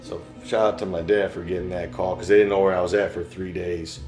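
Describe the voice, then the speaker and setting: A young man with a lowish voice tells his story in a loose, slangy way. He rambles, fills his talk with filler words and acts out other people's lines. His voice sits in a roomy space with faint music under it. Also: flat delivery, a little fast, a little mellow. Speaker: interviewee, shooting survivor. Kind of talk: casual storytelling interview.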